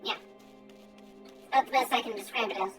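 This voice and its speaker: A woman's voice: on the high side, fairly quick, a bit bright. A young woman streaming a game, chatting playfully and thinking aloud as she plays. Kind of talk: casual gameplay commentary. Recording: game music behind.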